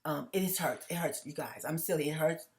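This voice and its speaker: Animated, rambling woman vlogger. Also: sits low, fairly quick. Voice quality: animated, laughing, swinging from loud to hushed. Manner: rambling with restarts and repeats; blunt, curses freely. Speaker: vlogger addressing viewers. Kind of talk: casual direct-to-camera monologue.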